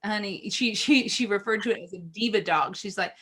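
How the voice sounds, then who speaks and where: A woman's voice: medium pitch, fairly quick, a bit bright, husky. A woman, an opera singer co-hosting a casual chat, who talks in a gushing, rambling way.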